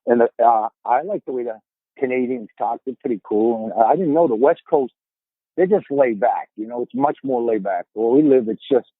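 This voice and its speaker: Sounding narrow and tinny with no room sound, a medium-pitched man speaks at a moderate pace with lively intonation. He's a Boston-accented podcast guest in his fifties, from the Boston area, casually rambling through stories and repeating his words at sentence starts.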